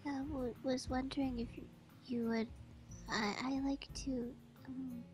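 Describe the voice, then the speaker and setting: Shy teen girl, stammers every word, high and slow, read by a male let's-player. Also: level tone. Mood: timid. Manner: stammering, hesitant. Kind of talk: reading a visual novel aloud.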